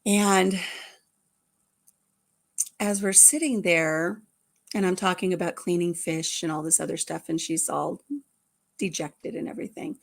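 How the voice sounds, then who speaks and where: A woman's voice: lowish voice, creaky. Chatty grandmotherly woman storyteller. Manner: chatty storyteller with frequent restarts. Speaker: vlogger telling a family story. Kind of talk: casual chat.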